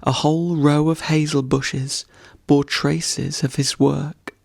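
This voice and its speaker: A man reads a bedtime story at an unhurried, very slow pace. His voice has a gravelly, creaky texture, and the recording is dry and close. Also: on the high side, little pitch movement, a little mellow, dry recording. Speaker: audiobook narrator.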